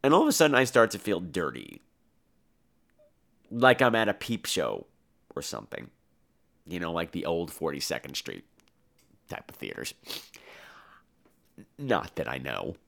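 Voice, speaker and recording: Animated, sarcastic male horror podcast host. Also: mid-range voice. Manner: animated, sarcastic, crude humor. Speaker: podcast host and film reviewer. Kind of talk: casual horror review podcast.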